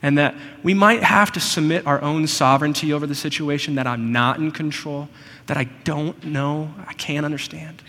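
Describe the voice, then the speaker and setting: A man preaching a sermon, earnest and personal, often slowing down to stress a point. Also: fairly high pitch, bright, forceful tone, big-room sound. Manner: earnest, personal, slows for emphasis. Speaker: pastor.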